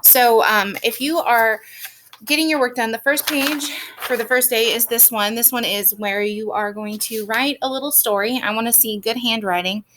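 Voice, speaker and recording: A woman's voice: a little high, fairly even intonation, normal speed, fairly bright tone, a little hiss or hum. A woman teacher giving patient, step-by-step instructions for a student's reading work, with frequent "um"s. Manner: patient, explaining step by step with many fillers. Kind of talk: recorded lesson instructions for a student.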